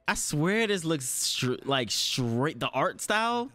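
Young man, reaction host, hyped commentary, swooping voice, sharp tone. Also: on the high side, unhurried, few pauses. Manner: excitable, slangy and profane, often laughing and yelling. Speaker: anime reaction channel host.

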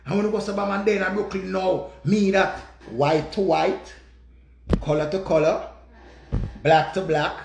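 High gravelly Jamaican man ranting. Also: steady tone, a little slow, long pauses, roomy sound, noisy background. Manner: repetitive, profane, dramatic retelling. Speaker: vlogger. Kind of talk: animated storytelling rant.

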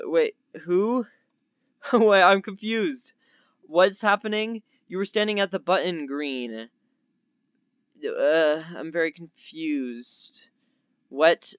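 A young man giving casual, excitable gameplay commentary as a gaming YouTuber, easily startled and chatty, with a slightly odd put-on accent. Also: fairly high pitch, clean tone, no room sound, lo-fi sound.

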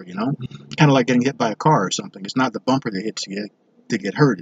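A man's voice: medium pitch, lo-fi sound, slight background noise. A man hosting his own show, telling a personal story in a blunt, rambling way, swearing constantly. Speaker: show host. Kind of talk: profane personal storytelling monologue.

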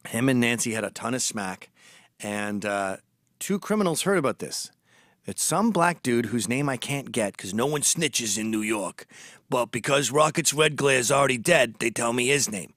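A man's voice: mid-range voice, fairly bright tone, dry recording, clean studio sound. A man hosting a storytelling monologue, gossipy and blunt, turning urgent and emphatic when he warns. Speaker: host.

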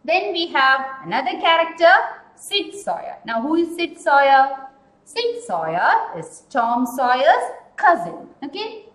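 A woman teacher walks through a story lesson at an unhurried pace, repeating words and asking questions. Her voice is high and full of movement. The room echoes around her. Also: fairly bright tone. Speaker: English teacher. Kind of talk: recorded class lesson. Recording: roomy echoing room.

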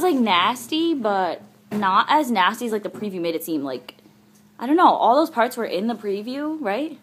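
A woman's voice: a little high, a little hiss or hum. Goofy chatty young woman vlogging. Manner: chatty and goofy, full of "like" fillers, jokes around. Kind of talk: casual daily vlog to camera.

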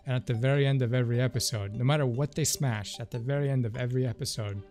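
A man's voice: mid-range voice, fairly even intonation, fast, a little mellow. A man giving casual, rambling commentary as he plays a video game. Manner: chatty, rambling asides. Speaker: let's play host. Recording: game music behind the voice.

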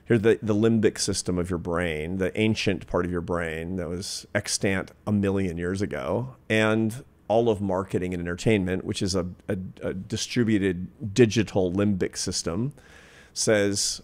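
Deep-voiced guy in his 50s telling a story on an interview, earnest and animated. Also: normal speed. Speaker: interview guest, social scientist. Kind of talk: reflective storytelling in conversation.

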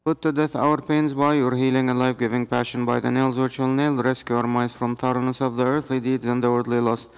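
Man, priest, liturgical prayer reading, clear resonant voice, solemn, church echo. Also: mid-range voice, level tone, brisk, hardly any pauses. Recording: reverberant church hall.

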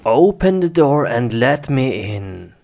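A man's voice: medium pitch, very animated, takes it slowly, vocal fry, a little mellow, heavily acted. A man voicing a blustering wolf who huffs out threats, then stammers and begs. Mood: menacing. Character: blustering wolf, adult male, bullying then pleading.

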